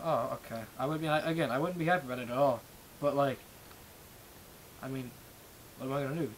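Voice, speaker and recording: Young male streamer, slightly high voice, rambling profane rant, faint hiss on the recording. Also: poor audio. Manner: rambling and profane, with frequent restarts. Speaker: livestream host. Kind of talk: ranting casual monologue.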